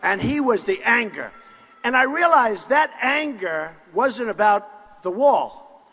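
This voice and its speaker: An older man giving a boastful, repetitive campaign rally speech in short punchy phrases, often shouting to the crowd. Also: very high-pitched, sing-song, takes it slowly. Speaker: political candidate at a rally. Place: large university hall with crowd. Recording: long hall reverb from a live rally.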